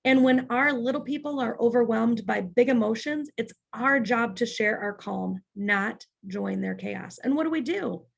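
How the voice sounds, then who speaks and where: A woman's voice: a little high, moderate pace, vocal fry, few pauses. A woman leading a childcare staff training in a church parlor, practical and often checking in with "right?".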